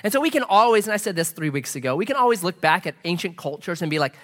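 A man's voice: high voice, quick pace, few pauses, long reverb tail. A middle-aged man, a pastor, preaching a sermon and telling a story, acting out the voices of the people in it. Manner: animated, acts out quoted voices.

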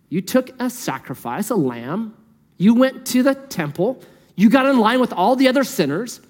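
A man preaching a sermon in a conversational, lively way, asking the listeners rhetorical questions. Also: sits high, big-room sound. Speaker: pastor.

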